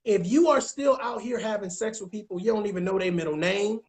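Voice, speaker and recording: A man's voice: sits high, fairly quick. A man coaching on relationships in casual chat, emphatic and repetitive, often checking that listeners follow. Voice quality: emphatic, repeats phrases, keeps asking if you understand. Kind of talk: casual advice talk.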